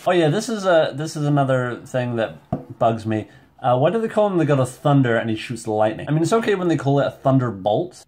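A man reviewing a movie in a casual vlog at home, rambling, excitable and self-deprecating. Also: medium pitch. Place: home room with shelves.

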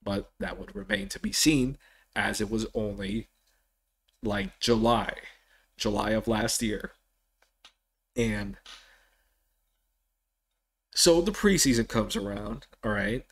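A man hosting a casual solo sports podcast, rambling with frequent restarts and animated bursts of excitement. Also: lowish voice, slow pace, long pauses, husky. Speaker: podcast host.

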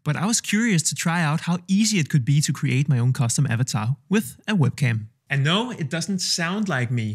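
Guy in his 30s, slightly husky, kinda high voice, chatty and self-deprecating, soft music underneath. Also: expressive, a little fast, few pauses. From Denmark. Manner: conversational, self-deprecating and candid. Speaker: video creator testing AI tools. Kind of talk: casual vlog talk. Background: faint background music.

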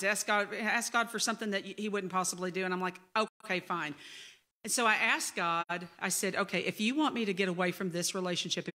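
Candid, bright-voiced middle-aged woman preacher. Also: lowish voice. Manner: candid, self-deprecating storytelling. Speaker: pastor. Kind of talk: sermon. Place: church sanctuary.

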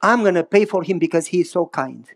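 A man voicing a distressed woman who is crying, speaking softly and lower than his own voice. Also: lively intonation, quick pace. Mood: tearful. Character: distressed middle-aged woman, tearful mother.

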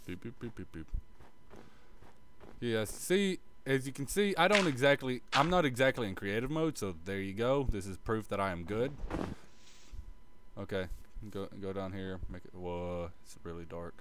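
A man's voice: fairly low pitch, moderate pace, noisy background. A man giving a casual gameplay tutorial, muttering and swearing as he plays and humming little sound effects like "bop bop" under his breath. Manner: offhand, self-mocking tone. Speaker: gaming video creator.

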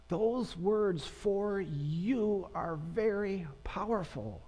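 A pastor giving a sermon to his congregation in a conversational, unhurried way, pausing and making asides to the people in the pews. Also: fairly high pitch, expressive, darkish tone. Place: church sanctuary. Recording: long church reverb.

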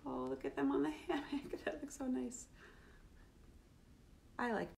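A middle-aged woman hosts a children's livestream from home, reading a picture book aloud with playful animation and acting out the emotions. Her voice is high-pitched and a bit creaky, her pace measured, with slight background noise.

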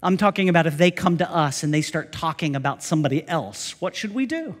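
A man's voice: a little high, expressive, brisk. A male pastor preaching a sermon, speaking directly to the congregation and often putting questions to them. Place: church sanctuary. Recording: long reverb of a church sanctuary.

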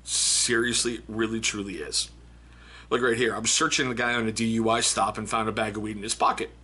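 Laughing bright-voiced man reviewing a book. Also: fairly low pitch, level tone, fairly quick, husky. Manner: laughs often, reads excerpts aloud. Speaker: book review channel host. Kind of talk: casual book review vlog.

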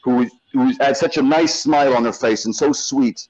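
A man with a husky, breathy voice badgers someone on a live stream and repeats the same question over and over. His tone is taunting and heated. The audio sounds muffled and lo-fi. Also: medium pitch, moderate pace, darkish tone. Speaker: livestreamer confronting a guest.

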